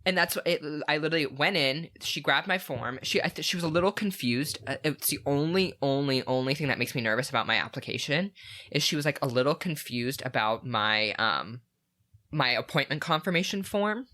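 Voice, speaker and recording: Bright-voiced man telling an animated story. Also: on the high side, fairly quick. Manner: animated storytelling, many "like" fillers. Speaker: podcast co-host. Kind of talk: casual storytelling chat.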